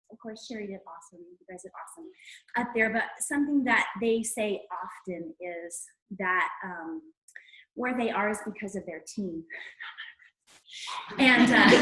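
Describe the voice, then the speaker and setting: A bubbly woman shares an excited testimonial at a training meeting, laughing often and breaking into loud exclamations. Her voice sits a little high. The sound carries the echo of a roomy space. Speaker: distributor sharing a story. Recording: echoey room.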